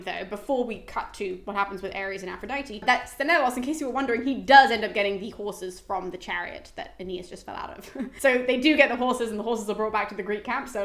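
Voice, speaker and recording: A woman retells a classic epic in a chatty, casual way, peppering it with "like" and little laughs. Her voice is fairly high, and the room gives it a noticeable echo. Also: fairly bright tone. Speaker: host. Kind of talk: casual book summary.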